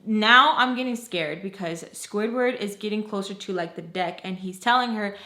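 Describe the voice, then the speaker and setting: A woman's voice: mid-range voice, fairly quick, few pauses, pushed and bright. A woman vlogger telling a dramatic story, rambling and emotional, filling her talk with "like". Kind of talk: storytime vlog. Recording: echoey room.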